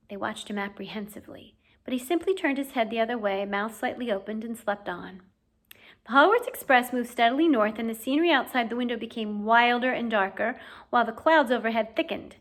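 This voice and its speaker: Role: audiobook narrator. Sex: woman. Pitch: fairly high. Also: quick pace, a bit bright. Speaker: audiobook reader.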